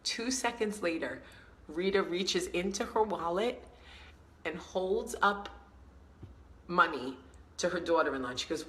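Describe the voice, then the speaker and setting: A woman hosting a casual vlog, telling a story in a chatty, animated way and acting out what people said. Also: fairly low pitch, a little slow, poor audio. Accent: New York. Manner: chatty, animated storyteller who acts out quotes. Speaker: vlog host.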